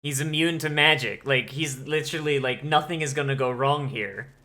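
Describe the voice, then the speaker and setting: A man reacting to an anime episode as he watches, swearing freely and reacting in disbelief at what happens on screen. His voice is bright and forward, and he talks in a loose, casual way. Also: mid-range voice, moderate pace. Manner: profane, incredulous outbursts. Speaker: anime watch-along host.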